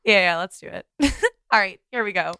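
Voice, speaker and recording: A woman's voice: on the low side, brisk, vocal fry, bright, forceful tone, clear, resonant tone, dry recording. An American woman co-hosting a casual podcast, asking questions in a friendly, giggly way. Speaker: podcast co-host.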